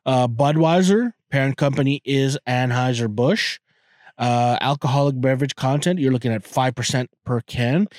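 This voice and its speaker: A man's voice: medium pitch, moderate pace, a little mellow, dry recording. Young male podcast host, loose and profane, dry close sound, stumbles and restarts a lot. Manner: rambling, profane, many restarts and fillers. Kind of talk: casual solo podcast talk.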